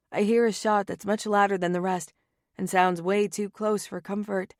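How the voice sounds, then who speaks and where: A woman's voice: mid-range voice, steady tone, moderate pace, a little mellow, no echo. Woman narrating a romance audiobook, dry sound.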